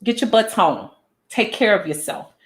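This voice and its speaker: Woman vlogger, impassioned and near tears, mid-pitched voice, echoey room. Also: sing-song, normal speed. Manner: earnest, impassioned, repeats lines for emphasis. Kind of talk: emotional direct-to-camera vlog talk. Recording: roomy echo.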